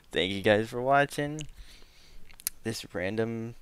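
A man narrating his own game playthrough as a let's play host, excitable, yelping and laughing at what happens on screen. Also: on the low side, slow pace, smooth. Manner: excitable, yelps and laughs at the action. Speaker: gaming channel host.

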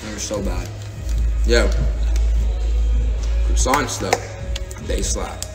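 A man's voice: on the low side, slow. A young man joking and teasing his way through a casual live-stream chat from a bedroom. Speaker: social media creator. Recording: roomy echo, distant mic, music behind.

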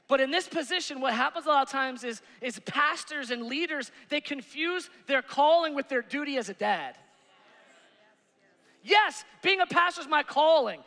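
A male pastor preaching a sermon, animated, swinging between shouts and hushed asides on a church stage. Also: extremely high pitch, vocal fry. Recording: reverberant church hall.

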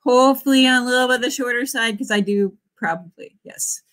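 High, bright, bubbly woman in her forties. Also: fairly quick. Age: 40s. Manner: bubbly, cheering viewers on with whoops. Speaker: author hosting writing sprints. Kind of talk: casual livestream chat.

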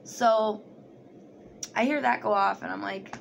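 Animated young woman telling a story. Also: medium pitch, measured pace, creaky, long pauses, a little hiss or hum. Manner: animated, swearing, acts out quoted voices. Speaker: vlogger. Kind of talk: casual storytelling.

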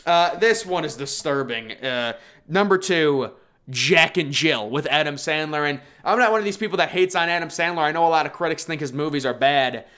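A man's voice: fairly high pitch, normal speed, pushed and bright. Exasperated young-sounding man ranting about films. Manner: exasperated, rambling, many restarts and mock quotes. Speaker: movie reviewer. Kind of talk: casual ranked-list commentary.

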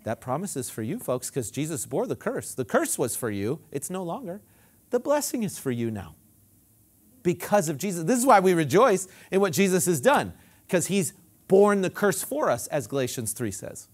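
A male pastor preaching a sermon, leading the congregation in call-and-response and swinging from loud emphatic declarations to quiet low asides. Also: sing-song, moderate pace, slightly rough.

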